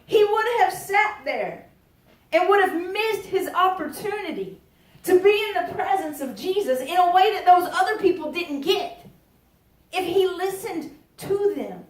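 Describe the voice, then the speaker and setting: A woman preaching a lively sermon, emphatic and folksy, joking and dropping into quiet asides. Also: extremely high pitch, a little slow. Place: church sanctuary. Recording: echoey church from far off.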